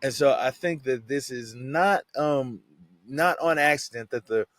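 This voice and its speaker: A man's voice: medium pitch, measured pace, no room sound. Man giving a casual Bible devotional. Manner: relaxed, conversational, says "man" often. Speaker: devotional teacher.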